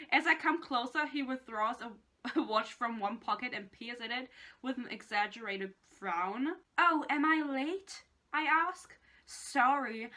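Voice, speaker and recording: A woman's voice: a little high, pushed and bright. Sarcastic young woman ranting about a book. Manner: sarcastic, exasperated, swears freely. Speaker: book vlogger.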